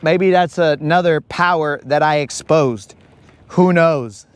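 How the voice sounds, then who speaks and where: Guy chatting on a live fishing stream, jokey, says bro a lot, kinda high voice. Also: slow pace, smooth. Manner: slangy, rambling, joking, says bro a lot. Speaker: fishing livestream host. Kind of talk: casual live-stream banter. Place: on a boat outdoors.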